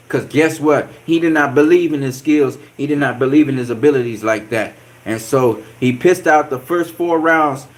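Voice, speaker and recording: A male boxing vlogger with a medium-pitched voice hosts a boxing channel, giving casual commentary. He's animated and profane, trash-talking with repeated catchphrases and plenty of laughs.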